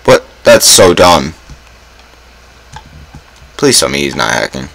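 A young man talks through a game in a very low, deep voice. His commentary is casual and self-mocking, peppered with groans and sudden dramatic exclamations. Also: sing-song, slow, fairly bright tone, rough recording. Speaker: gaming YouTuber.

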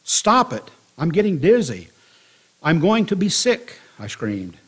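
A man voicing a frightened talking teacup that cries out and pleads, in a husky voice. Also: mid-range voice, big pitch swings, measured pace. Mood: panicked. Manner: pleading, crying out.

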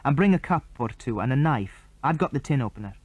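A man's voice: medium pitch, lively intonation, fast talker, slightly rough, dry recording. A man doing a firm lad in charge. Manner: firm and decisive. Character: steady older boy, responsible leader.

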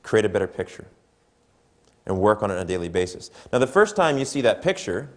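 A man's voice: fairly low pitch, big pitch swings, brisk. A man giving a motivational keynote at a conference, talking conversationally and asking the audience questions. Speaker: keynote speaker. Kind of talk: motivational seminar talk. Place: conference hall before an audience.

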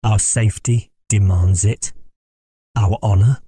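A man's voice: fairly low pitch, fairly even intonation, measured pace, dark tone, slightly rough. A man reading an audiobook, voicing a stern, proud noblewoman who commands her son. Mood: imperious. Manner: stern, imperious. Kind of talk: audiobook character voice.

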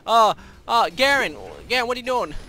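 A man's voice: extremely high pitch, lively intonation, fairly quick, pushed and bright. A young man giving brash, profane, boastful commentary over his own gameplay. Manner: brash, profane, trash-talking. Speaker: streamer. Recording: faint background noise.

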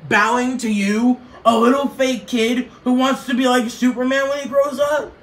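Brief: a man doing a cocky dragon king boxer, mocking trash talk, high-set voice. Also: fairly even intonation, normal speed, fairly bright tone. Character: brash boastful dragon king boxer, male.

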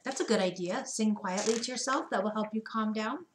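A woman's voice: on the high side, fairly quick, echoey room, noisy background. Sing-song woman reading to preschoolers. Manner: gentle, sing-song, asks children questions. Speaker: preschool teacher reading picture books. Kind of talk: storybook read-aloud for young children.

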